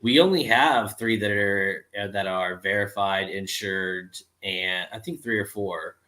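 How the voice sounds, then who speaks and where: Deep-voiced contractor guy, bright edgy tone, just laying out how it works. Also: a little slow. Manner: matter-of-fact, explains business practice plainly. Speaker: podcast co-host, contractor. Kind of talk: casual chat.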